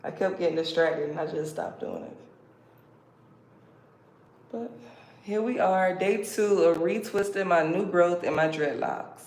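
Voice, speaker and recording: A woman's voice: fairly low pitch, unhurried, long pauses, darkish tone. A woman from the States hosting a casual livestream, chatty and playful, laughing as she talks. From United States. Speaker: livestream host. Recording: roomy echo, background noise.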